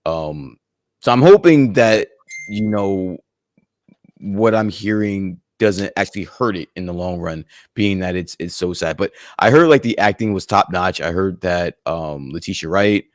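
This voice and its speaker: A man co-hosting a casual livestream chat, relaxed and thinking aloud with lots of fillers. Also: sits low, a little slow, dry recording, clean studio sound. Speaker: podcast co-host.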